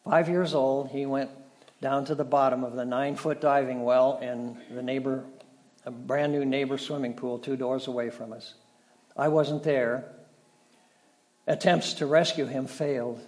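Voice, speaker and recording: A middle-aged male pastor preaching a sermon, telling stories with dramatic shifts between loud and soft. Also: medium pitch, steady tone, unhurried. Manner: storytelling, dramatic shifts in volume.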